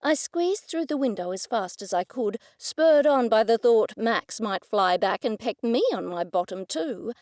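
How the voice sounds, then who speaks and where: A woman narrating a first-person mystery audiobook in a clear, even storytelling delivery. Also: fairly high pitch, unhurried, few pauses, dry recording, studio quality.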